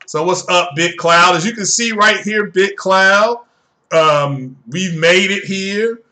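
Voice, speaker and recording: A man chatting casually on a live stream, excitable and rambling, often repeating himself. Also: high-pitched, slow.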